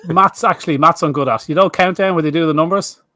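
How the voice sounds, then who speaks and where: A man's voice: a little high, a crowd in the background. A man co-hosting a pet-health show, bantering and teasing his colleagues over drinks. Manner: quick, teasing, self-mocking. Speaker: vet co-host of a live pet-health show.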